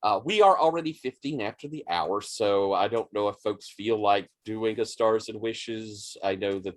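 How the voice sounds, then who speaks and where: A man running a tabletop roleplaying game as game master, narrating scenes in a measured, descriptive way. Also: fairly low pitch, no echo.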